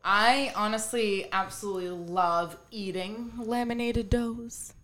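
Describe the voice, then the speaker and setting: A woman co-hosting a casual podcast. She talks in a relaxed, chatty way with a mid-range voice and drops the odd swear word. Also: mid-range voice, measured pace. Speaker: podcast co-host. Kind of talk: casual chat.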